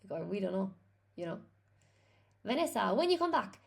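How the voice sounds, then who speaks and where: A woman's voice: mid-range voice, big pitch swings, normal speed, gravelly. A woman with an Irish accent, an English teacher chatting on a live stream, reading out and answering viewer comments. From Ireland.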